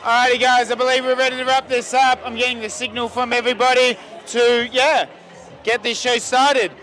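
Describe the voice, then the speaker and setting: Man comedian, very high bright voice, easygoing chat with the crowd. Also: flat delivery, brisk. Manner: friendly and easygoing banter. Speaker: comedian chatting with the audience before the show. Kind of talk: casual chat.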